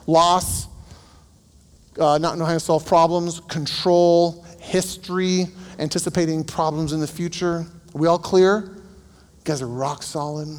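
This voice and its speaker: A man's voice: a little high, long reverb tail. Candid male counselor teaching a group. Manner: candid, anecdotal, questions to the group. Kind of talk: conversational teaching.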